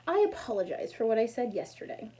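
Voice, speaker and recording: A woman reading aloud the lines of a firm, gruff middle-aged man of the house. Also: fairly high pitch, sing-song, fast, dark tone. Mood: plain.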